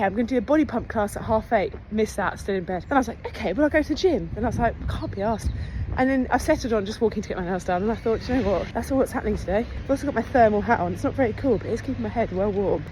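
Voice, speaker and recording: Fast-chatting young English woman vlogger. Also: on the high side, background noise. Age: 20s. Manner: chatty and self-deprecating, rambling with lots of "like". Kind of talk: casual vlog chat.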